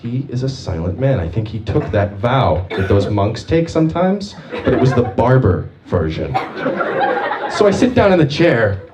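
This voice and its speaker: A man telling stand-up stories at an open mic in a jumpy, animated way. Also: moderate pace. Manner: animated, jumpy storytelling with big pitch swings. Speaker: stand-up comic. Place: small open mic venue. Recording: distant mic with audible noise.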